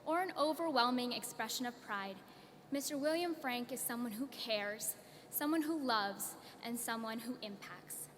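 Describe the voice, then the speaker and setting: A young woman student presenting an award in a formal, measured prepared speech. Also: fairly high pitch, a bit bright. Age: young adult. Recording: long hall reverb, faint noise.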